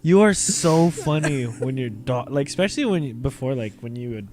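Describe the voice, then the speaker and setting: A man's voice: mid-range voice, animated, moderate pace, a crowd in the background. A man hosting a casual chat, teasing his friends and laughing often. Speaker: host.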